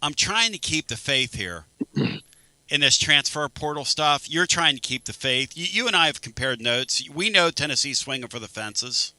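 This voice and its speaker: A man's voice: on the high side, expressive, sharp tone, no echo. A man hosting a talk radio show, joking and bantering loosely with guests. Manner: loose, jokey, fast back-and-forth.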